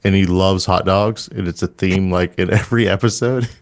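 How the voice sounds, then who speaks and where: A man's voice: low voice, steady tone, normal speed. A man co-hosting a podcast, chatting casually and joking in a rambling way. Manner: rambling, joking, laughs often. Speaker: podcast co-host. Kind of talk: casual chat.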